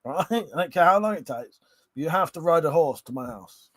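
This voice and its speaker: A man's voice: on the high side, animated, brisk, a bit bright, dry recording. A tipsy man hosting a casual livestream, reading viewer comments aloud, laughing often and swearing freely. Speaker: livestream host.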